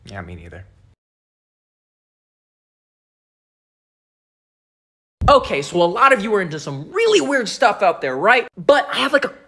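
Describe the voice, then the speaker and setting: A performer doing an in-character monologue to a phone camera as an unhinged, clingy ghost boy, rambling with lots of fillers and dropping into hushed asides. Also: mid-range voice, huge pitch swings, quick pace.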